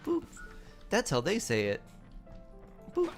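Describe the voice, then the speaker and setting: A man streams a game with a high voice that swoops wildly in pitch, speaking slowly. He chats casually, laughs often and reads his chat aloud over faint game music.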